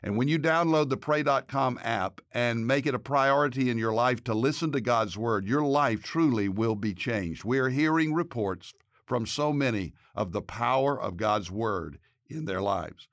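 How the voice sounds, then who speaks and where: A man, a pastor and podcast host, reading a scripted devotional narration and leading a prayer in an earnest, measured way. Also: medium pitch, a bit bright, dry recording, studio quality.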